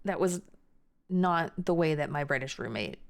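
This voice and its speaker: An American woman streaming from home, chatting casually with her chat in a rambling way, with quick laughs and frequent restarts. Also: deep voice, animated, vocal fry.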